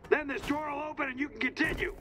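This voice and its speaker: A contemptuous drill instructor in a game, insulting recruits in a very high, taunting voice. A faint hiss sits behind him. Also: male voice, steady tone, fast talker. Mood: sneering. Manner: sneering, insulting. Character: mocking male drill instructor over a speaker, contemptuous.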